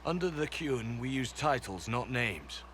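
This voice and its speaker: A disciplined soldier ally in a game, who briefs in a calm, measured, matter-of-fact way. His voice sits at an ordinary pitch over a faint hiss. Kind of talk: video game dialogue.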